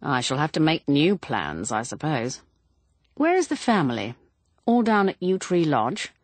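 A guarded, protective man, as a woman reads him speaks firmly and steadily. The voice is low and husky, with a slow pace and a dry, close sound. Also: sing-song, no echo, exaggerated voice. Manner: firm, measured. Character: guarded, protective grown son.

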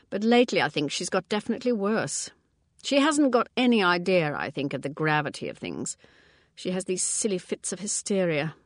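A woman's voice: fairly low pitch, no room sound, studio quality. A woman reading the part of an anxious older spinster sister who talks in fretful, trailing-off sentences. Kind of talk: audiobook character reading.

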